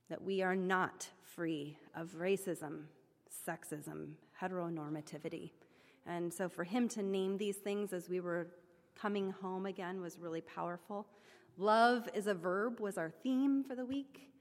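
Chatty woman speaking in a reverberant hall. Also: medium pitch. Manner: chatty, self-deprecating, with frequent fillers and restarts. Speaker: church member reporting back to her congregation. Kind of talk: informal sermon-style report.

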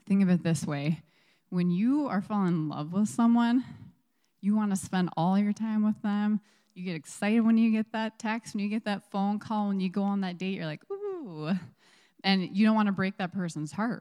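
A woman speaks to an audience about faith in a loose, chatty way, slipping into little acted-out reactions. Her voice sits low and sounds smooth and clean. A long reverb from a big hall trails each phrase. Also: a little mellow. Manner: casual, chatty, many fillers, acts out reactions. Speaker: guest speaker. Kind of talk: faith testimony talk.

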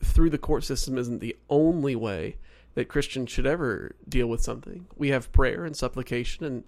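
A man co-hosting a faith podcast, reasoning step by step in a measured way and rephrasing as he goes. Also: mid-range voice, creaky, darkish tone. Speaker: podcast co-host. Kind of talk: casual podcast discussion.

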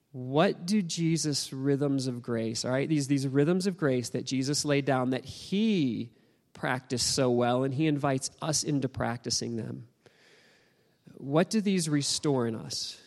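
A man's voice: medium pitch, unhurried, vocal fry, a little mellow, in a large hall. A man preaching a sermon as pastor, earnest and encouraging, repeating his phrases.

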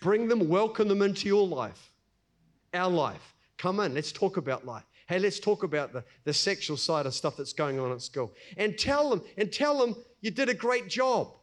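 A middle-aged pastor, preaching in a conversational way and acting out everyday scenes. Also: male voice, sits high, sing-song, normal speed. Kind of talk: sermon.

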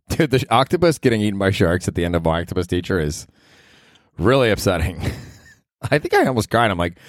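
A man's voice: sits low, sing-song, brisk, pauses often, dry recording, studio quality. A man hosting his own podcast, talking in a rambling, profane, self-mocking comedic monologue. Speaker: podcast host.

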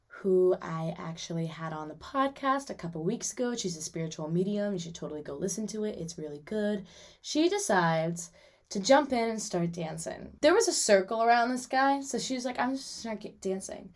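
A young woman hosts a solo podcast in a loose, chatty way. She talks animatedly, full of "like" and side comments, in a voice of ordinary pitch. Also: normal speed. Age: young adult. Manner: chatty and animated, lots of "like" and asides. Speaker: podcast host. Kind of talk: casual solo podcast chat.

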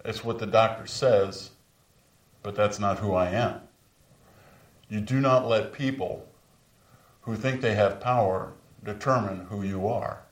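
A man's voice: unhurried, long pauses. A man in his sixties preaching a sermon as pastor, telling stories and lifting his voice for emphasis. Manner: storytelling preacher, rises in pitch for emphasis. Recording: echoey room, voice from far off.

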